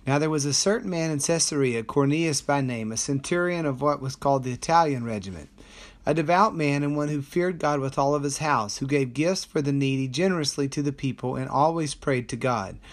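A man who is a pastor, leading a daily Bible study: he reads scripture aloud in a steady voice and slows down to explain it. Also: mid-range voice. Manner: steady reading with slow, deliberate commentary.

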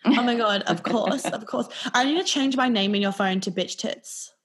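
A woman co-hosting a casual chat, talking fast and scattered, swearing and giggling often. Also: on the high side. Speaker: podcast co-host.

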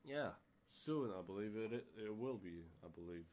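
A man's voice: on the low side, animated, normal speed, a little mellow. A man hosting a casual solo podcast, rambling with many fillers and restarts and sounding exasperated. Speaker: podcast host.

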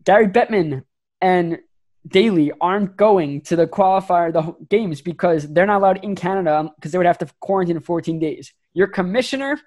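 A man co-hosting a sports podcast, ranting emphatically with quick restarts and rising outbursts. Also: high voice, a little mellow. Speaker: podcast co-host. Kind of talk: heated sports podcast rant.

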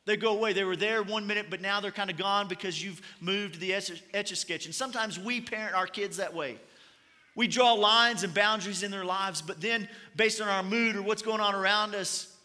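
Bright, high-voiced pastor. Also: male voice, fairly even intonation, normal speed, long reverb tail. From Kentucky. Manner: storytelling, conversational with humor. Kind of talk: sermon.

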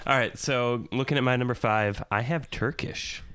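A man's voice: medium pitch, huge pitch swings, a little slow, a bit bright, slight background noise. A man co-hosting a podcast, talking casually and chuckling often. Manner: amused, chuckling as he talks. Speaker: podcast co-host. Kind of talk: casual chat.

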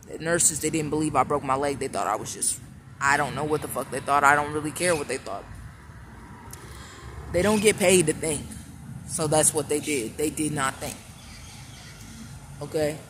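A man with a somewhat high-pitched voice tells a personal story straight to camera. His delivery is casual and blunt, full of swearing, restarts and repeated phrases. A clear, constant background noise runs under the recording. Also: normal speed, pauses often. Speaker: vlogger.

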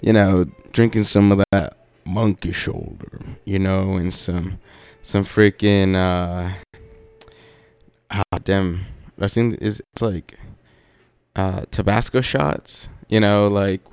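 A man's voice: deep voice, fairly even intonation, slow, darkish tone, smooth, no room sound. A young man hosting a podcast, telling a rambling story in a laid-back, profane way with lots of fillers. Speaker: podcast host.

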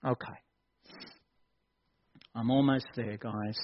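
A man preaching a sermon as pastor, joking and building to excited shouts. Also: medium pitch, takes it slowly, muffled recording.

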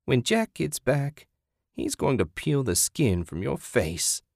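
A man's voice: medium pitch, sing-song, gravelly, darkish tone, dry recording, studio quality, pitched above the performer's own voice, heavily acted. A man voicing a vicious, cackling backwoods woman who hisses taunts and threats in an audiobook. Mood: threatening. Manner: taunting, hissing, drawn-out menace.

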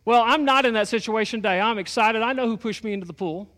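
A pastor delivers his sermon in a high, bright-sounding voice. His talk is folksy and light, full of storytelling asides. The sound trails off in a long church-hall reverb. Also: steady tone, fast talker. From Texas. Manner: folksy storytelling with a joking touch.

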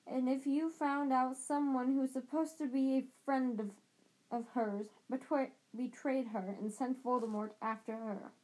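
A woman's voice: high voice, steady tone, measured pace, darkish tone, low-quality recording. A woman voicing a haunted teenage schoolboy who speaks intensely. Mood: upset.

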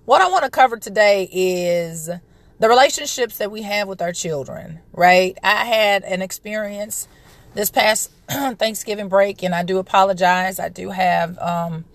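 Chatty mom, a bit hoarse. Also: female voice, mid-range voice, unhurried, dry recording. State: recovering from a respiratory illness, throat clearing. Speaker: podcast host, parent. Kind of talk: casual monologue.

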